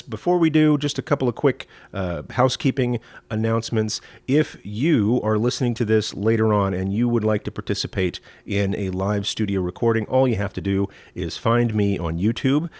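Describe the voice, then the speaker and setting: A rabbi from East Texas with a Southern accent, hosting a live-streamed teaching talk in a folksy, rambling way with many fillers. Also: male voice, fairly low pitch, moderate pace, few pauses, darkish tone, no echo. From East Texas, USA. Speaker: rabbi and show host.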